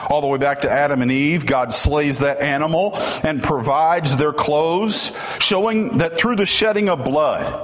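A man's voice: medium pitch, fairly bright tone. Man, pastor, sermon delivery, storytelling, emphatic, mid-range voice.

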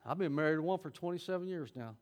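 A middle-aged man teaching a Sunday school class, preaching in a folksy, conversational way with sudden loud peaks. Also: on the high side, lively intonation, fast talker. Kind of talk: sermon.

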